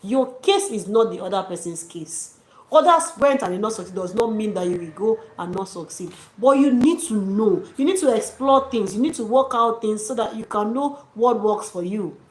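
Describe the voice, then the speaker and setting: A woman's voice: mid-range voice, lively intonation, normal speed, darkish tone. Encouraging woman in an echoey room. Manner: encouraging, preachy, addresses viewers as dearies and sis. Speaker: YouTube channel host. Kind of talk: casual motivational talk to viewers. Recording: echoey room with faint noise.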